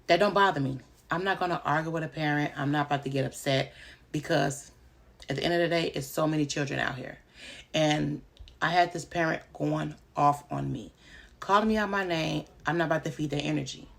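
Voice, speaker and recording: A woman's voice: sits low, fairly quick, creaky, fairly bright tone. A woman who runs a home daycare, giving casual advice in a vlog and stressing her points by repeating them.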